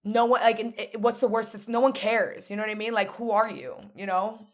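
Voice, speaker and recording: A woman's voice: fairly high pitch, brisk. Blunt New woman telling stories. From New York. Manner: animated storytelling, blunt and frank. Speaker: podcast guest. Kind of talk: casual conversation.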